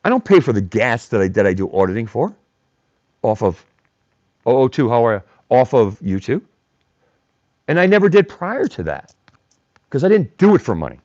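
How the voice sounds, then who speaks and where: A man's voice: mid-range voice, big pitch swings, normal speed, pauses often, darkish tone, no room sound, highs cut off. A man hosting a live stream, talking bluntly and combatively while reading and answering chat comments. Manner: blunt, combative, mocks chatters by name. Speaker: livestream host.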